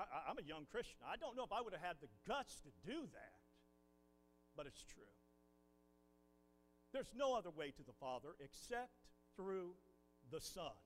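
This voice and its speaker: Animated preacher man. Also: high voice, moderate pace, pauses often, in a large hall, slight background noise, low-quality recording. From Ohio, USA. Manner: folksy storytelling, animated. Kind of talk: sermon. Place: church pulpit.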